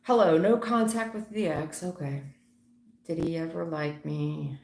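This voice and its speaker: A middle-aged woman doing a live tarot reading, blunt and slangy, teasing and animated as she talks to viewers. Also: sits low, moderate pace, gravelly, echoey room. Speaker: tarot reader.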